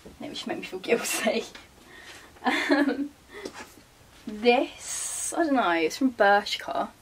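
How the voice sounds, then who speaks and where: A young woman speaks slowly and with animation, her pitch fairly high, as she chats casually and mutters asides while sorting her wardrobe for a vlog. She's in her bedroom beside the wardrobe, recorded from a distance with a little hiss or hum.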